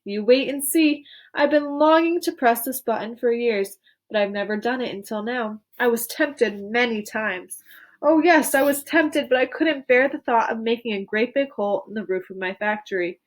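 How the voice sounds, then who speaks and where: A woman's voice: animated, normal speed, lightly acted. A woman doing an exuberant eccentric candy maker. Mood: giddy excited. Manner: exuberant, gushing, high-spirited.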